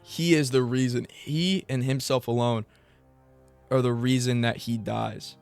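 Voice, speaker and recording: A man's voice: a little slow, creaky, smooth, soft background music. A young man talking casually and at length on his own as a commentary vlogger, rambling and swearing freely. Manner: rambling and profane, with bursts of high excited mock voices. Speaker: MMA commentary YouTuber.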